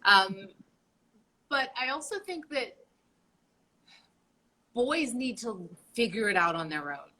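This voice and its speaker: A woman with a bright, forward voice co-hosting a casual talk show. She throws in dry, wisecracking remarks, and her pitch sits in the middle of the female range. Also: animated, takes it slowly, long pauses, low-quality recording. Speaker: podcast co-host. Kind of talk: casual chat.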